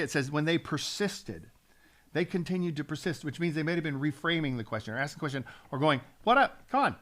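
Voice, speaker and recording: A man's voice: fairly high pitch, fairly bright tone. A man, a pastor, teaching from the Bible on a talk show, earnest and building up steam, often restarting his sentences.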